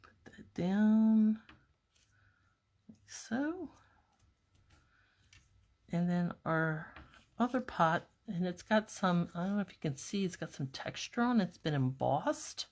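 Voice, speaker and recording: A woman calmly narrating a card-making tutorial step by step, talking herself through each task as she works at her craft table. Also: lowish voice, unhurried. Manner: calm, step-by-step, talks to herself while working. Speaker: papercraft demonstrator.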